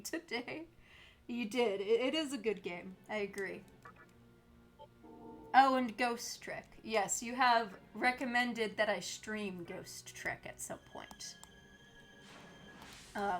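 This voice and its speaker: A woman's voice: on the high side, fairly bright tone. A woman in her twenties streaming a game, chatting casually, laughing often and answering chat.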